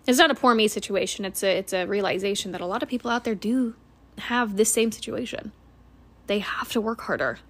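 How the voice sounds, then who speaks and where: In her late twenties, a woman hosts her own podcast and gives a blunt, earnest motivational monologue packed with swearing. Her pitch is medium and her delivery brisk.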